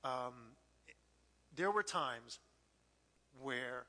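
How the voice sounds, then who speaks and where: A man in his fifties, a pastor giving an emotional, halting sermon, often repeating words and laughing through tears. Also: mid-range voice, expressive, pushed and bright, in a large hall. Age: 50s. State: tearful.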